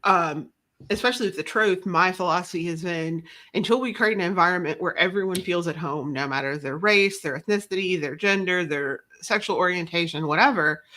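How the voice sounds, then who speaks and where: A woman's voice: lowish voice, bright, forceful tone. A woman guest talking casually in an interview, rambling and self-deprecating, often restarting her sentences. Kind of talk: casual conversation.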